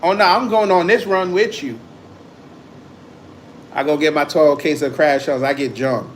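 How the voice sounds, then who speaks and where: A man's voice: fairly high pitch, measured pace, a little hiss or hum. Teasing New man with a laugh. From New York. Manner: teasing, slangy, laughs often. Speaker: livestream host. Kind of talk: casual livestream banter with chat.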